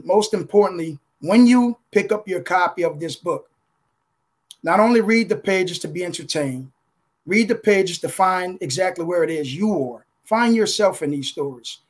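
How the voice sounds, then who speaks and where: On a video call, a contributing author testifies emotionally and motivationally in a preacherly style, with repeated calls of "guys" and "listen" and deliberate slowing for emphasis. His voice is high-pitched and animated.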